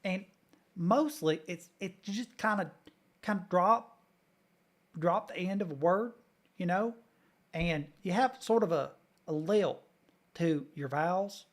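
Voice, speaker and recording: A man's voice: high-pitched, takes it slowly, pauses often. A man from Kentucky reacting casually to videos as a streamer, chatty, swearing freely and laughing often.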